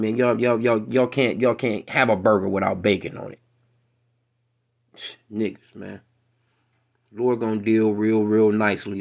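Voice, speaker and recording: Gravelly-voiced man preaching bluntly. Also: fairly low pitch, darkish tone. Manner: blunt, profane, emphatic street talk; slow, deliberate reading of old scripture. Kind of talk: reading scripture aloud and commenting.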